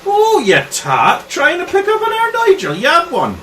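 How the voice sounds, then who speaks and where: A man's voice: extremely high pitch, very animated, normal speed, fairly bright tone, distant mic, slight background noise, pitched above the performer's own voice, exaggerated voice. A man doing a brash aggressive local girl. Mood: hostile.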